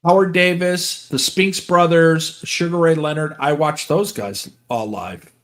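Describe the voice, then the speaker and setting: A man's voice: on the high side, unhurried, fairly bright tone. An older man chatting casually, rambling through stories and acting out what people said. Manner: rambling, lists names, acts out quotes. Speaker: podcast host. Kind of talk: casual storytelling chat.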